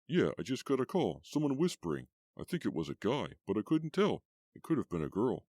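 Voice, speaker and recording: A man voicing a nervous teenage boyfriend in an audiobook, speaking a bit higher and louder than his own voice. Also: very animated, a little fast, dry recording, studio quality, exaggerated voice. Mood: worried.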